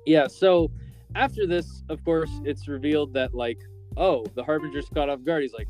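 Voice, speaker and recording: A man's voice: a little high, moderate pace, darkish tone, soft background music. A man hosting a podcast, casually recapping a film's plot with lots of filler words. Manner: rambling, filler-heavy storytelling. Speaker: podcast host.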